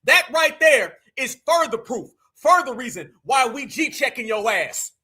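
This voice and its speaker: High, bright, shouting male host. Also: sing-song, measured pace, breathy edge. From United States. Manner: loud, mocking, often shouting. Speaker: commentary show host. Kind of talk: live commentary rant.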